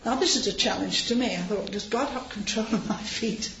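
A woman delivers an informal sermon in a conversational, storytelling manner, wandering into asides as she goes. Her voice sits at a middling pitch. The recording carries the echo of a large hall, a slightly muffled tone and a faint background hum. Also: brisk, a bit bright. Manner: chatty, anecdotal, with frequent asides and light laughs. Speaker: preacher.

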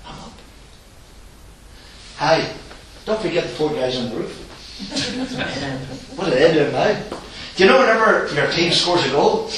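A man preaching a sermon in a church, telling the story with animated acted-out voices. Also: a little high, a little slow, long pauses. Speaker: visiting preacher. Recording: roomy echo, distant mic, faint hiss.

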